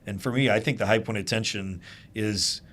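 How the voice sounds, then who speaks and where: Lively low-voiced male Bible teacher. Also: a little hiss or hum. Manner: animated, quick asides and rhetorical "right?". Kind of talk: conversational teaching to a small group.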